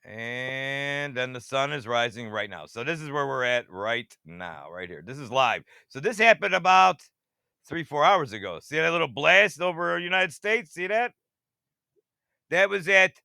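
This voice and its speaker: A man rambling excitedly through screen-share commentary and talking straight to his viewers, who keeps asking if they see how it works. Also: mid-range voice, normal speed, vocal fry, clean tone, dry recording, clean studio sound. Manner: talks to viewers directly, half-mocking. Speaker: radar-watching channel host.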